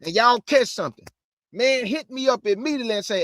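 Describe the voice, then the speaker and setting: A male Bible teacher preaches online to his stream, speaking fast and emphatically in a chatty way and repeating phrases. His animated voice runs high and a bit bright, captured dry and close to the mic.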